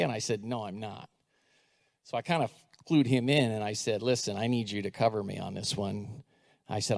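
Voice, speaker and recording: A middle-aged American school superintendent tells a story to a live audience during a talk, acting out the dialogue and posing questions to the crowd. His voice is lowish and gravelly.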